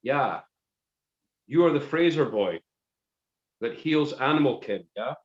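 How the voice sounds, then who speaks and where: A man's voice: medium pitch, lively intonation, takes it slowly, echoey room, lo-fi sound, pitched above the performer's own voice. A man voicing a hunched, wheedling old crone in a comic story reading.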